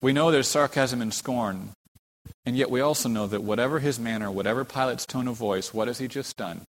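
A man's voice: medium pitch, fairly quick. A man preaching a sermon with dramatic emphasis, acting out the figures he quotes, in a church sanctuary. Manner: dramatic, voices quoted speakers with rising emphasis. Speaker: pastor. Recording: reverberant church hall.

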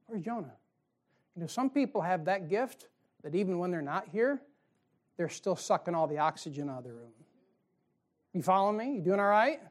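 A man's voice: sits high, expressive, moderate pace. A male pastor preaching a sermon in a folksy way, firing rhetorical questions at his congregation.

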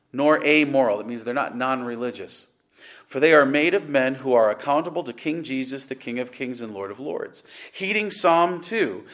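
This is a middle-aged man teaching a class as a pastor, his voice sitting at an ordinary middle pitch. He lectures with strong emphasis. He often breaks off into loose, rambling asides and then returns to the material.

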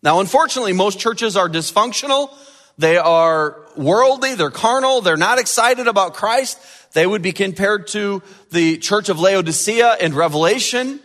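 A man preaching a sermon as pastor, animated and building to emphatic peaks. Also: high voice, moderate pace, long reverb tail.

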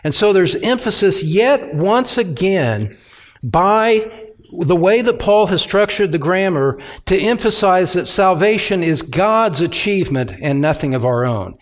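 A man preaching an expository sermon as pastor, speaking deliberately and with emphatic repetition. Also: sits high, expressive.

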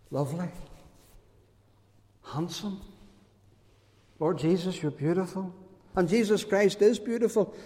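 A man preaches a sermon at an unhurried, deliberate pace, leaning hard on key words. His voice sits high for a man. The sound carries the long reverb of a church hall. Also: a little mellow. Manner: emphatic, lingering on key words. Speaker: pastor.

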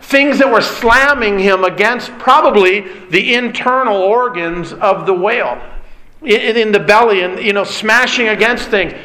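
High, bright-voiced preacher man. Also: measured pace, low-quality recording. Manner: emphatic, repeats key phrases, asks the listeners questions. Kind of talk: sermon.

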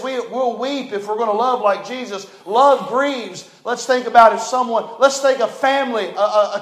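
A man preaching a sermon as pastor, fervent and folksy, swinging from loud declarations to hushed, low passages. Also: echoey room. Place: church sanctuary.

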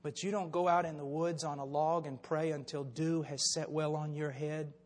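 A man's voice: on the high side, steady tone, normal speed. Fervent older man preaching in a hall. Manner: fervent, impassioned storytelling. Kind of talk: sermon. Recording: long hall reverb.

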